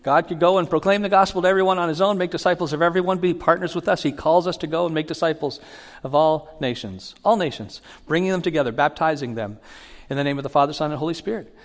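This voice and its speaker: A man giving a sermon as a pastor, teaching in an animated way and acting out Bible quotes with rising emphasis. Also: fairly high pitch, quick pace. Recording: long hall reverb.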